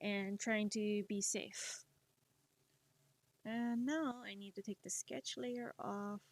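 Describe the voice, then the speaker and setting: Slow-talking woman with a Spanish accent. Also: mid-range voice, fairly even intonation, dry recording. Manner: rambling, self-deprecating, laughs often. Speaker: streamer. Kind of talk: casual chat while drawing on stream.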